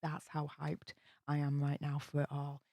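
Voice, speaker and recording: A British woman hosting a live stream at night, talking low and quietly but bubbly and gushing. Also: monotone, moderate pace, no echo, studio quality. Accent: British English. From United Kingdom. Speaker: livestream host. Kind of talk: casual live-stream chat, hushed. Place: home room at night.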